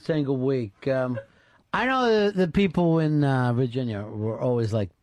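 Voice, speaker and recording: A man's voice: medium pitch, expressive, normal speed, a little mellow, no echo. A man hosting a radio talk show, chatting casually with his co-host and callers in a wry, joking and profane way. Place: radio studio. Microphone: studio microphone.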